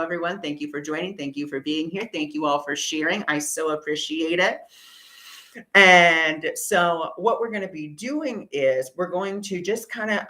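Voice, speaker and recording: A woman's voice: fairly low pitch, fairly bright tone. A woman leading a live online spiritual workshop, talking casually and encouragingly as she guides listeners through a breathing exercise. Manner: casual and encouraging, repeats reassurances, many fillers. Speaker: spiritual workshop leader, energy healer.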